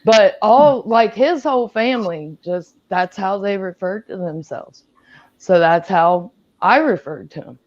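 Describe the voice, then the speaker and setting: A woman's voice: mid-range voice, unhurried, a little mellow, highs cut off. A woman from Appalachia chatting frankly as a guest on a livestream. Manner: frank, chatty, laughs easily. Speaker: guest panelist. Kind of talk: casual chat.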